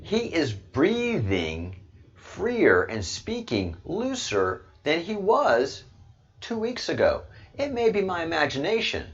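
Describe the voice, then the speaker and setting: A man's voice: a little high, breathy edge, muffled recording. A man hosting a casual commentary livestream, rambling through his points with repetitive, joking asides, talking into a desk microphone. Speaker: livestream host.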